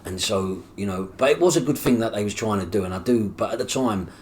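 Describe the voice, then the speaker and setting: A middle-aged man, his voice sitting very low. He tells his story as a guest in an interview, acting out the dialogue with plenty of swearing. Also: fast, slight background noise. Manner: animated, acts out quoted dialogue with coarse swearing.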